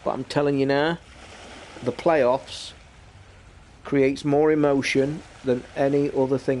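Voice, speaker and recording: A middle-aged man, livestreaming a game while ranting and shouting over a football match. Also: medium pitch, measured pace, long pauses, slight background noise. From England. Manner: excitable and sweary, shouting at football. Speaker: gaming streamer. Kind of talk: live stream commentary while gaming and watching football.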